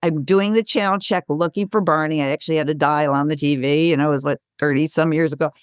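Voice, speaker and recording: A woman in her sixties, a guest author and speaker, telling stories in an interview with lively, laughing delivery. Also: fast, smooth, no room sound, clean studio sound. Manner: animated, acts out quotes with bright pitch jumps, laughs often. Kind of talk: conversational storytelling.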